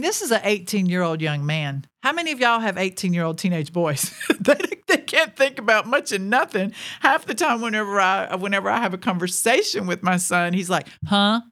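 A ministry speaker in her forties talks at normal speed and medium pitch as she relates a personal testimony. She's animated, laughs between her lines, and speaks straight to those listening.

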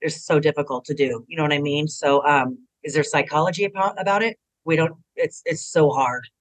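An animated middle-aged woman speaking as an interview guest, with a slightly low voice. She tells her stories casually and pops up into a higher pitch whenever she quotes someone. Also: a little fast, poor audio. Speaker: guest, retired pro wrestler.

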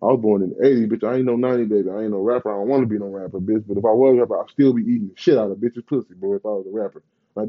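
A man's voice: lowish voice, rapid-fire, breathy edge, dull audio. A man, ranting in a profane, rambling, slang-heavy way in a casual vlog. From Bay Area, California. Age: 30s.

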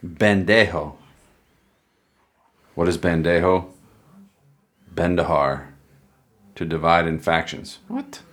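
A man's voice: deep voice, flat delivery, unhurried, long pauses. An American man co-hosting a podcast, rambling and swearing casually, laughing at his own jokes. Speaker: podcast co-host.

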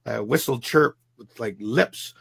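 Gravelly, husky-voiced male storyteller. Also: mid-range voice, unhurried, a bit bright, dry recording. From Pacific Northwest. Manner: vivid storyteller acting out the people he quotes. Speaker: guest. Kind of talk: storytelling an encounter.

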